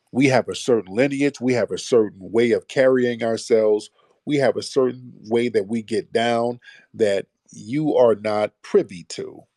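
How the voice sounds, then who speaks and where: A man's voice: medium pitch, darkish tone, no echo, studio quality. A man hosting a live call-in show, talking bluntly in heavy slang and pushing back hard at callers. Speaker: host of a call-in audio show.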